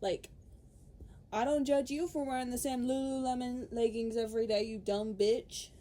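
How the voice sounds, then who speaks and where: A woman's voice: high-pitched, fairly even intonation, normal speed, dark tone. A young woman podcaster ranting in casual chat, swearing freely, laughing and quoting people in put-on voices.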